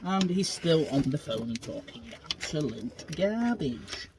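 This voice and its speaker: A man's voice: a little high, very animated, unhurried. A man who works on a car himself, muttering and grumbling to himself while lying underneath it. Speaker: home mechanic vlogger. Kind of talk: muttering commentary while working. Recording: loud background noise, workshop clatter.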